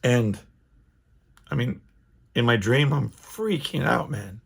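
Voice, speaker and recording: Gravelly, husky rambling podcast man. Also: mid-range voice, lively intonation, takes it slowly. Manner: rambling, restarts a lot, many fillers. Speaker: podcast host. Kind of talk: casual solo monologue.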